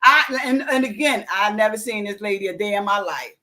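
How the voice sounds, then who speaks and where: A woman's voice: mid-range voice, fairly quick. A woman from Newark, a podcast host chatting casually and acting out the people in her stories. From Newark, New Jersey. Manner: animated storyteller acting out quoted dialogue.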